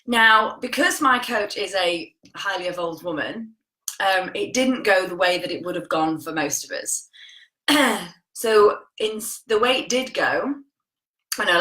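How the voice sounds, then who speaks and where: A woman's voice: on the low side, sharp tone, roomy sound, rough recording. A woman hosting a casual live stream, chatting and greeting viewers by name as she tells a story. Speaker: host of a live coaching stream.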